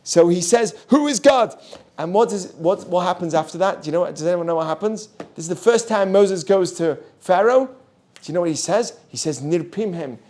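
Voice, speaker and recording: Rabbi giving a class: man, high voice, animated, quizzes the room. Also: fairly quick. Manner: animated, asks the audience questions, mixes in Hebrew terms. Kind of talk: lively Torah class.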